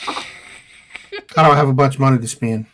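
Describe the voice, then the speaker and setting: A man's voice: mid-range voice, fairly bright tone, a little hiss or hum. A man playing in a tabletop game, joking casually. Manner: joking, quick. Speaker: player. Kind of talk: casual chat.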